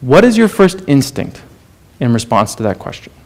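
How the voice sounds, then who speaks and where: A man preaching a sermon, earnest and questioning, often dropping to a soft, low delivery for emphasis. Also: very animated, moderate pace, vocal fry.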